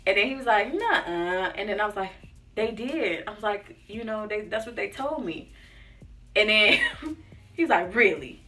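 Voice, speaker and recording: With lively intonation and a moderate pace, a young female lifestyle vlogger chats through a personal story, imitating what people said and saying "like" and "y'all" frequently. Her mid-range voice is pushed and bright. She sounds far from the mic and a bit off it, with faint music behind.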